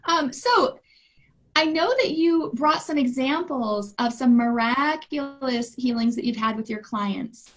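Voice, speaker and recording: High-voiced woman interviewer. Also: measured pace. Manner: conversational, mimics parents vividly. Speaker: interviewer and practitioner. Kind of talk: casual interview talk.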